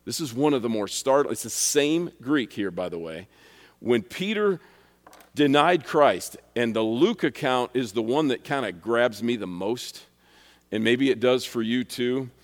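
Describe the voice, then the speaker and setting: A man's voice: medium pitch, expressive, measured pace. A man preaching a sermon, earnest and emphatic, who reads scripture aloud and asks the listeners questions. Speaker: pastor. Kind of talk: expository sermon. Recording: reverberant hall.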